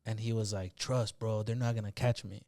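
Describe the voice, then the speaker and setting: A man's voice: lowish voice, normal speed, a crowd in the background. A man co-hosting a podcast, chatting casually and telling a school memory. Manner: lively, laughs as he tells a school memory. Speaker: podcast co-host. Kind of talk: casual chat.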